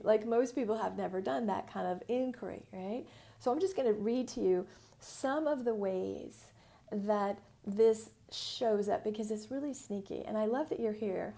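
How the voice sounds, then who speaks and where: Casting: American woman mentor, frank and feisty, higher voice with gravel in it, casual live teaching. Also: normal speed, a little mellow. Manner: frank, feisty, uses slang and swearing. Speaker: business mentor.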